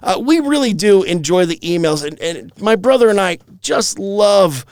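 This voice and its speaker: A man co-hosting a comedy podcast, rambling through profane, animated storytelling. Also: sits high, normal speed, no room sound, clean studio sound. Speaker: podcast co-host. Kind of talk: crude comedy podcast chat.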